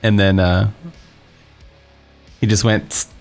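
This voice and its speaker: Young male game streamer, lowish voice, loose rambling delivery, faint game music behind. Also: fairly even intonation, moderate pace. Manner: rambling, many fillers and restarts. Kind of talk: casual storytelling while playing.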